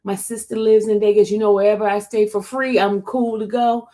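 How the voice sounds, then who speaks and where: A woman hosting a casual livestream, chatting and answering viewer comments in an expressive way. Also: mid-range voice, a little fast. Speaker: livestream host covering court cases. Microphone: streaming setup.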